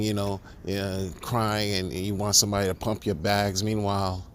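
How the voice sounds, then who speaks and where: In a flat, lowish voice at normal speed, a crypto commentator vents through a sarcastic, exasperated monologue. Rhetorical questions and restarted sentences pile up, and there's slight background noise.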